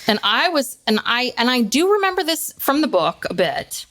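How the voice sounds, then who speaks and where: A woman co-hosting a podcast in casual chat, talking in quick restarts and dropping lower to mimic others. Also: big pitch swings, a bit bright. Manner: chatty, restarts a lot, mimics people in a lower voice. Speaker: podcast co-host.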